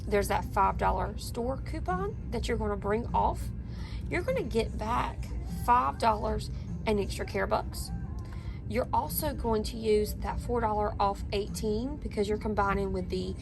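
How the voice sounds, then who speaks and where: Woman with a gravelly edge over loud music. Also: mid-range voice, unhurried. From South Carolina. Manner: chatty, talks through the coupon math step by step. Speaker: couponing vlogger. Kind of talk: in-store shopping walkthrough. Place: inside a drugstore. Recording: music playing loudly behind.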